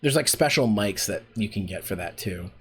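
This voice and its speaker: Lively-voiced man teaching on stream. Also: lowish voice, moderate pace. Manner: rambling, filler-heavy, restarts often. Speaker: voice acting workshop host. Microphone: desk streaming mic.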